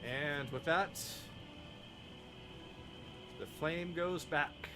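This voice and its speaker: Slow-talking male game master. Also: fairly high pitch, over music. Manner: slow, deliberate narration. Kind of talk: narrating a tabletop game.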